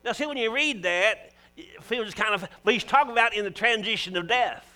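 A man's voice: high voice, a little fast, pushed and bright. A man with a Southern US accent preaching a sermon, folksy and joking, with emphatic calls to the congregation.

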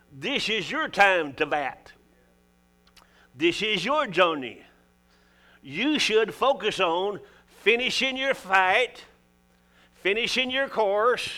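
A man's voice: sits high, sharp tone. A man with a Southern US accent preaching a sermon, folksy and joking, with emphatic calls to the congregation.

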